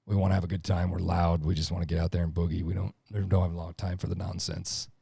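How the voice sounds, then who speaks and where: A man's voice: sits low, level tone, quick pace, creaky, mellow, husky, dry recording, studio quality. A middle-aged man talking casually on a podcast, blunt, profane and emphatic. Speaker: podcast guest, lineman.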